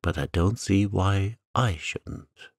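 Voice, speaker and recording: A man voicing a brave, determined young girl in a storybook reading, in a steady, earnest way. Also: low voice, takes it slowly, vocal fry, breathy edge, no echo, clean studio sound, heavily acted.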